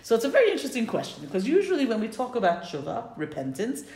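A woman's voice: on the high side, wildly swooping pitch, quick pace, darkish tone. A woman religious teacher explaining a prayer and telling a story, enthusiastic and thinking aloud as she corrects herself. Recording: roomy echo.

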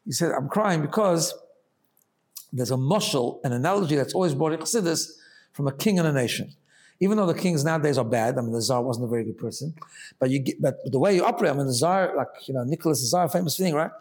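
A man's voice: fairly high pitch, lively intonation, fast, darkish tone. A man giving a Chassidic Torah class, explaining ideas with rhetorical questions and frequent Hebrew terms. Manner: explanatory, asks rhetorical "right?" often, mixes Hebrew phrases. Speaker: Torah teacher.

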